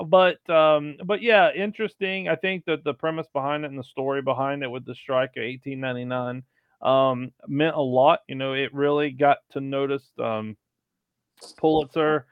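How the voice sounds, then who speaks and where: A man's voice: medium pitch, steady tone, normal speed, clear, resonant tone, no room sound. A man giving a hesitant opinion in casual review chat, with many "um" fillers. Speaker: podcast panelist. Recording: tinny phone line, dry.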